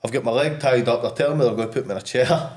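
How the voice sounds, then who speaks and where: A young Scottish man, a podcast guest, telling a wild story in a blunt, sweary, animated way. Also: medium pitch, very fast, slightly rough. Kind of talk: casual storytelling.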